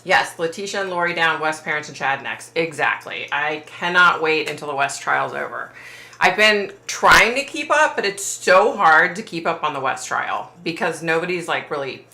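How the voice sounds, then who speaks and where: A woman hosts a casual livestream from home, answering her viewers' chat. Her voice sits low but has a bright, forward edge. The sound is roomy and echoey, as if she's in a bare room. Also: animated, normal speed, vocal fry. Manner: chatty and sympathetic, trailing off with fillers. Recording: roomy echo.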